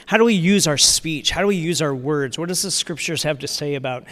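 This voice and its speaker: A pastor with a fairly high, slightly bright voice preaches a little fast in a church sanctuary, keeping things conversational with frequent fillers and restarts. Long reverb from the large hall colors the recording.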